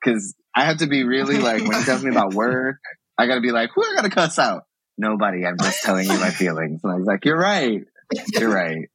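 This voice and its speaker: A man talking as a podcast guest in casual conversation, animated, acting out quoted exchanges and laughing often. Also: fairly low pitch, brisk, slightly rough, no echo, rough recording.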